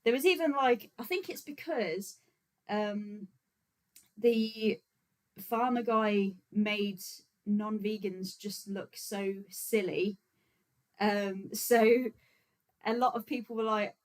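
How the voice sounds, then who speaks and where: This vegan activist rambles casually to her livestream viewers, relaxed and chatty, with plenty of fillers and frequent laughs. Her voice sits at a middle pitch for a woman, neither high nor low. She speaks slowly with long pauses, and the recording is rough.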